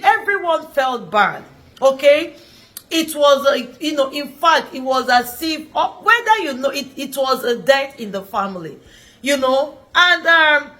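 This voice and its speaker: A woman's voice: high voice, bright, forceful tone. A middle-aged woman vlogger telling a personal story, earnest and emphatic, repeating phrases for stress.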